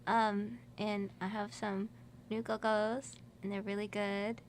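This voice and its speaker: A woman's voice: mid-range voice, level tone, slow, slight background noise. A woman guest in a college radio studio, chatting casually in a rambling way and laughing often. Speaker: musician guest. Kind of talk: casual radio interview chat.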